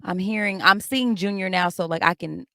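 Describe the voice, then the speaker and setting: A woman co-hosting a podcast in casual book chat, blunt and slangy, swearing freely with quick comebacks. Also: on the low side, bright, forceful tone, no room sound, clean studio sound. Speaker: podcast co-host.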